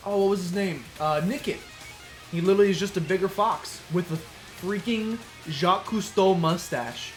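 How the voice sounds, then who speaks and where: A man giving casual, playful commentary while playing a video game, chatting and muttering asides. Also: high voice. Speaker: let's play streamer. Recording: faint game music behind.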